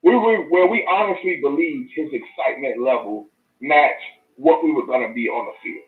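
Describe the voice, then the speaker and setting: A woman co-hosting a sports talk show, answering calmly in casual chat. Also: low-pitched, normal speed, reverberant, phone-quality sound.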